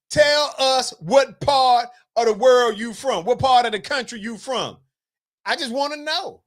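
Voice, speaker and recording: A livestream host from the Carolinas, reading out viewer comments and answering them in a loose, chatty way. The talk is playful and teasing, with mock scolding aimed at the chat, at a middling pitch. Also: lively intonation, a little slow, a bit bright. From North Carolina, US South.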